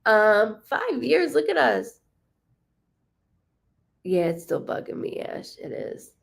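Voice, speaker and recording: A woman hosting a live psychic reading from a warm room with the window open, talking to her viewers in a chatty, rambling way. She is animated and full of fillers and asides. Her voice sits a little higher than most women's. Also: takes it slowly, gravelly. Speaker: psychic medium host.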